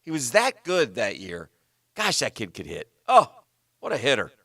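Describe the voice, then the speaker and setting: A man's voice: medium pitch, huge pitch swings, normal speed, sharp tone, dry recording, studio quality. A man hosting a sports radio show, chatting casually and rambling with restarts.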